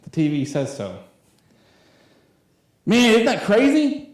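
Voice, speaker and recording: Preaching in a church hall whose room echoes heavily, a youth pastor in his late twenties rambles conversationally, using many fillers. He speaks slowly in a high-pitched voice with huge swings in pitch.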